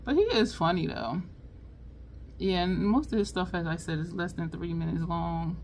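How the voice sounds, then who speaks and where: A woman chatting casually while doing her makeup, telling a funny story with lots of laughter. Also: moderate pace. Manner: chatty, laughing storyteller, lively swings in pitch. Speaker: beauty vlogger. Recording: faint background noise.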